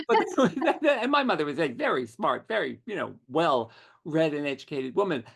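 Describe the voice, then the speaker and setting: Middle-aged man, interview guest, witty animated storyteller, lively pitch, gravelly. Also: measured pace. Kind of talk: conversational anecdotes.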